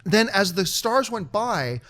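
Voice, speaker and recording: A man hosting a movie show, chatting casually and telling a story with lively mimicry of other people. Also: takes it slowly. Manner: animated storytelling, mimics others in high excited voice. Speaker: show host. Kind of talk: casual chat.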